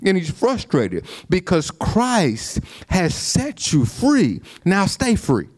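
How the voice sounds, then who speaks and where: A male pastor, preaching in a loose, conversational way full of restarts and asides to the room. His voice sits somewhat high and swings widely in pitch. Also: wildly swooping pitch, slow, few pauses, darkish tone. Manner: conversational, repetitive restarts, call-and-response asides. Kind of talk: sermon.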